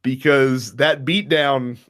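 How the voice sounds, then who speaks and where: A man's voice: mid-range voice, takes it slowly. A man co-hosting a casual wrestling chat, telling stories with a lot of laughter. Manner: animated, laughing storyteller. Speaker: wrestling podcast co-host.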